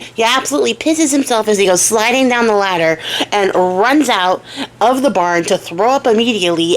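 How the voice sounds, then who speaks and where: A woman's voice: a little high, expressive, normal speed. A young woman telling a fairy tale in a casual, slangy way, with swearing and side comments. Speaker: storyteller and craft vlogger. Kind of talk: casual storytelling.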